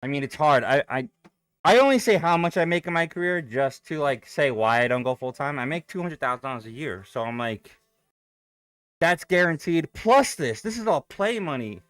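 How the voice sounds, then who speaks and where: A man's voice: a little high, lively intonation, normal speed, a bit bright, no room sound. A young adult man chatting casually and loosely on a live stream, swearing freely and reading out viewer comments. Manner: loose and profane, thinking aloud. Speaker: day trading streamer.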